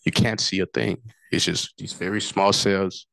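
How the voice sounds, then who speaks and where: A man's voice: deep voice, flat delivery, moderate pace, vocal fry, fairly bright tone, dry recording. A man from Africa giving personal testimony at a forum, telling his story in an earnest way that keeps circling back to what he remembers. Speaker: forum speaker.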